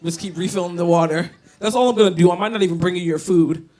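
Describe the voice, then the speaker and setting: This woman's stand-up is storytelling with a brash, profane edge, performed with a handheld mic on a small indoor comedy bar stage. Her voice is warm and fairly low, and she speaks quickly.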